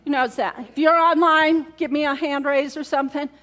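A woman pastor's high voice has fairly even intonation and a fairly bright tone, at a moderate pace. Preaching in church to her congregation, she stays conversational and repetitive, asking her listeners questions.

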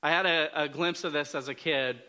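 Smooth, bright, and forceful, this man's fairly high voice holds a steady tone at a normal speed. He's a preacher telling stories in a relaxed sermon, poking fun at himself and often filling pauses or starting sentences over.

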